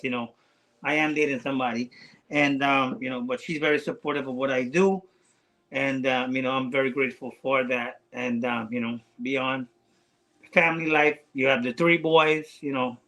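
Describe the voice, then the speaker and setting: A man speaking as a podcast guest, earnest and halting, with many fillers and restarts. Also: mid-range voice, a bit bright, rough recording. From United States. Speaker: guest rider. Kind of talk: heartfelt casual conversation.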